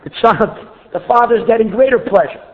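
An earnest man gives a Torah class, expressive and prone to restarting phrases. His voice sits fairly high. The recording is thin and tinny, like a phone line. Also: brisk. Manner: earnest, expressive, repeats words when restarting. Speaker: Torah teacher.

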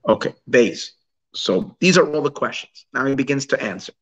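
A man's voice: medium pitch, expressive, moderate pace, a bit bright, slightly rough. A man teaching a text study class, asking rhetorical questions and mixing Hebrew and Yiddish terms into his English explanation. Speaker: Torah teacher.

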